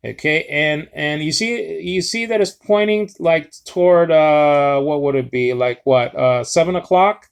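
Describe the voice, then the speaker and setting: A man teaching biblical Greek in a casual spoken lesson, halting often with fillers and restarts and checking in with "okay". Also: medium pitch, clear, resonant tone.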